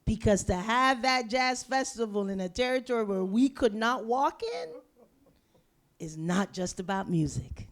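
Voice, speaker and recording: A woman's voice: on the high side, sing-song, a little slow. A woman from Panama speaking as a panelist in an emphatic, passionate way, repeating and restarting phrases.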